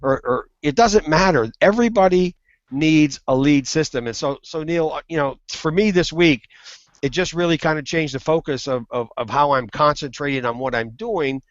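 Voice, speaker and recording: A man telling a funny business story on a web hangout, animated and acting out the quoted voices. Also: a little high, normal speed, dry recording. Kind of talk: casual storytelling. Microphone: video call. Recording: muffled web call audio.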